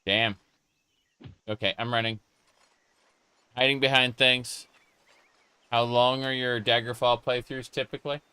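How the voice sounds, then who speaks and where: He's a gaming streamer with a bright, forceful, clear and resonant mid-range voice that barely moves in pitch. Speaking at a measured pace with long pauses, he comments on his play, reads chat out, and jokes in character.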